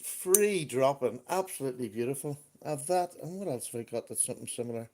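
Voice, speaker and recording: Animated and fairly quick, this man's medium-pitched, mellow voice comes through with a little hiss or hum. He hosts a relaxed livestream chat and greets viewers by name while talking.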